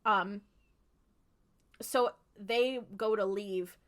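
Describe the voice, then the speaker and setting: A woman's voice: mid-range voice, extremely slow. A woman co-hosting a podcast, casually retelling a story with lots of fillers and the odd swear. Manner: chatty retelling, many fillers, swears freely. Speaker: podcast co-host recapping episodes. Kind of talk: casual chat.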